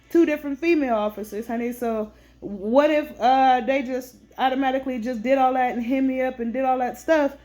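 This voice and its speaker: A woman's voice: high voice, a little mellow. A woman, a veteran, animatedly recounting a store incident to camera, indignant and often calling her listeners honey. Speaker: veteran vlogger.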